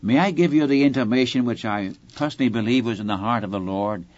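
A man delivers an expository sermon, explaining scripture verse by verse. He speaks earnestly and turns often to address the listener directly. His voice sits at a middle pitch, and the recording sounds a little dull and lo-fi. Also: fast, no echo. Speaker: preacher. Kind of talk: Bible-teaching sermon.

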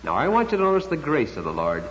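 A man preaching an expository sermon, emphatic and dramatic, slowing down to stress key words. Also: a little high, wildly swooping pitch, a bit bright, a little hiss or hum. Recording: lo-fi recording with long hall reverb.

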